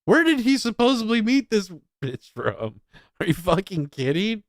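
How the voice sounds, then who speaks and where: A man's voice: high voice, big pitch swings, normal speed, no room sound, clean studio sound. A man streaming a crude, profane reaction commentary, scornful and rambling.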